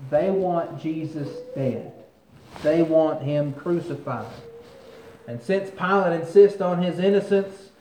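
A man delivers a sermon, reading scripture with mounting force and then talking it through conversationally. His voice sits a little high. The room is echoey, with a faint hum of ambience behind him. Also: a little mellow. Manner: reads scripture aloud with rising force, comments conversationally. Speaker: preacher.

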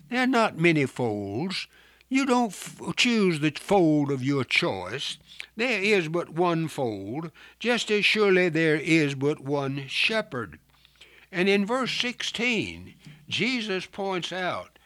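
Male radio preacher, slow and earnest, slightly high voice, dry close sound. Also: fairly bright tone, no room sound. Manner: slow, earnest, deliberate teaching. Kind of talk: sermon.

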